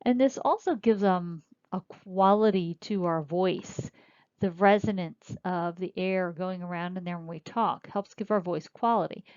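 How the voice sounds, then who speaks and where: A woman teaching a recorded lecture, explaining slowly and spelling out terms as she points. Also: lowish voice, a little mellow, no echo. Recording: dull lo-fi dry recording.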